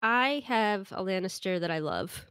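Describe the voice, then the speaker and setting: Female co-host, mid-pitched, blunt and chatty, dry close recording. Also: animated, unhurried, a bit bright, smooth, no room sound. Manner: blunt, complaining, laughs easily. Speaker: podcast co-host. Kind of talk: casual chat.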